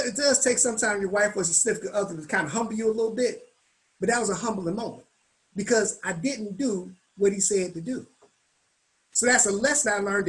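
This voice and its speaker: A man speaking as a guest at a business meetup, telling stories in a lively, colloquial way and acting out the voices of the people in them. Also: high voice, low-quality recording. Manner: animated, colloquial, acts out quoted voices. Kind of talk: storytelling in a business meetup talk.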